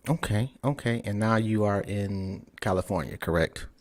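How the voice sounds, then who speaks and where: A man's voice: fairly low pitch, moderate pace, a little mellow. A man hosting a podcast interview over a remote call, casual and profane, repeatedly checking whether his guest can hear him. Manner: loose and profane, frustrated with tech trouble. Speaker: podcast host.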